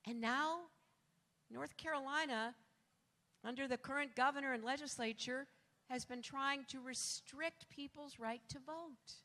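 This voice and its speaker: A woman's voice: high voice, unhurried. Older woman rousing a rally crowd. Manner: rousing, rising to shouts on key lines. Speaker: political candidate. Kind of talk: campaign rally speech. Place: large rally venue. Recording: long echo of a large hall.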